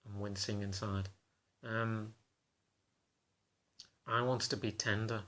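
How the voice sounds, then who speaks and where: Guy rambling in a confessional vlog, lowish flat voice, halting n hesitant. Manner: halting, hesitant, self-conscious. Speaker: vlogger.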